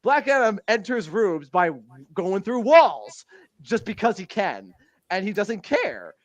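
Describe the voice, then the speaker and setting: A man's voice: sits high, sing-song, slow, no echo. Chatty, laughing young man on a podcast. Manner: rambling, laughs often, quotes lines in a put-on voice. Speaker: podcast co-host. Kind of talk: casual chat.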